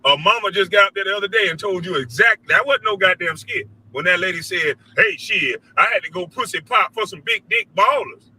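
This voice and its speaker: A middle-aged man hosting a show, delivering a loud, profane, preachy commentary rant and mimicking others in a high voice. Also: brisk, hardly any pauses, slightly rough, rough recording. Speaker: show host.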